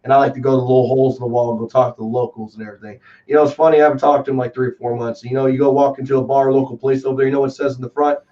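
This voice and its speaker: A man from Texas in casual chat as a guest, telling rambling, animated stories with lots of fillers. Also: medium pitch, racing, few pauses. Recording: distant, dull lo-fi call audio.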